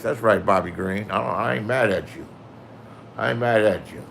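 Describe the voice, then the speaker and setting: Bright-voiced older man telling profane stories. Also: on the low side, normal speed, gravelly, slight background noise. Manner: profane, rambling anecdotes with voiced quotes. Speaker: storyteller. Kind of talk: casual storytelling.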